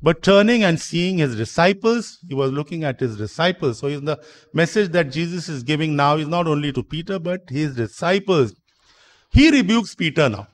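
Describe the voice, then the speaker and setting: A man preaching a sermon in a church, explaining slowly, repeating himself and asking rhetorical questions. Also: fairly high pitch, animated. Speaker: priest.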